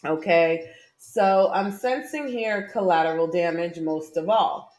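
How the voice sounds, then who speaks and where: A woman's voice: on the low side, measured pace, darkish tone, faint music behind. A woman doing a casual tarot reading to camera, chatty and emphatic, often laughing. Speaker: tarot reader.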